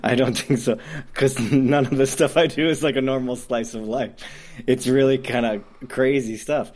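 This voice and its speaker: A man's voice: mid-range voice, fairly even intonation, moderate pace, a little mellow. A man from Detroit with a Midwestern accent, a documentary filmmaker talking in a casual interview, enthusiastic and rambling with many restarts. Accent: Midwestern American. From Detroit, Michigan.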